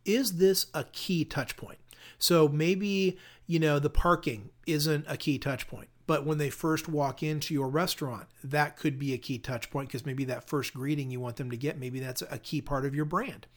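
A man's voice: a little high, steady tone, moderate pace. A middle-aged man hosting a solo podcast, coaching listeners on customer service in an upbeat, question-filled way.

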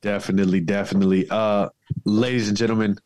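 Casting: male podcast guest, lowish voice, crude swearing banter, dry close mic. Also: flat delivery, fast talker, darkish tone, no room sound. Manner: crude, profane, joking banter. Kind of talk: casual podcast chat.

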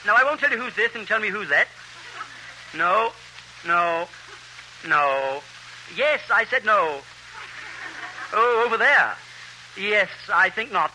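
A man with a very high, piercingly bright voice trades quick, giggly comedy banter. His pitch swings lively up and down. It sounds like a 1930s radio comedy. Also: slight background noise, low-quality recording. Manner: giggly, chatty, quick asides.

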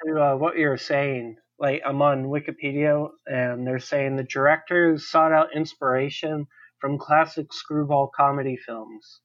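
A man's voice: on the high side, steady tone, unhurried, fairly bright tone. Man on dull lo-fi audio reading facts. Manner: reading facts aloud, hesitant. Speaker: podcast co-host. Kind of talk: casual movie discussion.

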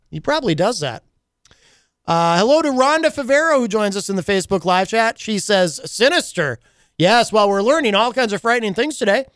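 Lively, playful male radio host. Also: high voice, clear, resonant tone, no echo, clean studio sound. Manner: playful, mock-dramatic, teasing. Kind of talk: casual radio chat. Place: radio studio.

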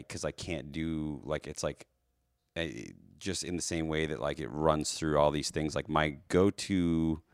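A man's voice: a bass voice, clean tone, dry recording, studio quality. A man speaking as a guest on a podcast, talking hesitantly and searching for his words. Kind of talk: casual chat.

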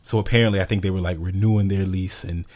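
A man's voice: deep voice, quick pace. A man co-hosting a podcast, telling a story in a casual, exasperated way and acting out the people in it. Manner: animated, exasperated, acts out quotes. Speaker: podcast co-host.

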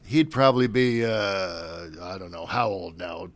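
A man's voice: low voice, measured pace, dry recording. An older man chatting casually, rambling with many fillers and restarts. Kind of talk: casual chat.

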